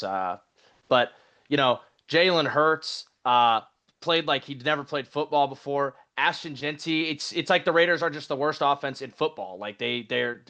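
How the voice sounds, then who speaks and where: A man's voice: mid-range voice, pushed and bright, smooth, natural voice. Guy doing a fed-up fantasy football dude, ranting and cursing at his players. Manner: exasperated rant, swearing. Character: grumpy adult male fantasy football manager ranting. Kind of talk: mock impression in podcast chat.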